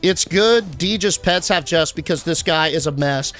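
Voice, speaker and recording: A young man streaming a game live, chatting casually and answering his chat with shout-outs. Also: on the high side, moderate pace, soft background music.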